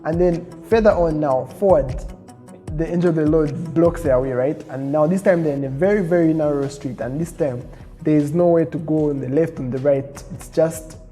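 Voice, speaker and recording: A man's voice: on the high side, moderate pace, warm tone, faint music behind. A man in a casual storytelling vlog, retelling a story chattily with lots of fillers.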